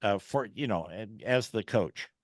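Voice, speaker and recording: A man's voice: lowish voice, lively intonation, a little slow, dry recording. A man hosting a casual golf interview, telling folksy stories with lots of fillers and restarts. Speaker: podcast host.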